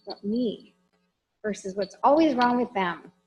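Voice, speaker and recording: A woman's voice: a little high, unhurried, highs cut off. Frank woman trainer addressing an audience. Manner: lively, talks straight to the audience with questions. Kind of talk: conversational training lecture.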